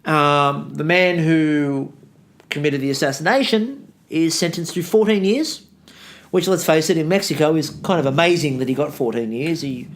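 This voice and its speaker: Sarcastic, joking man, slightly high. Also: normal speed. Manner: sarcastic, joking, rambling with restarts. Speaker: podcast co-host, history teacher. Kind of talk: casual history podcast chat.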